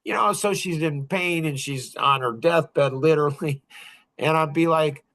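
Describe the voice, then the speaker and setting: A man's voice: on the high side, unhurried, a bit bright. A man in his fifties hosting a podcast, telling rambling stories in casual chat and chuckling often. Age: 50s. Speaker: podcast host.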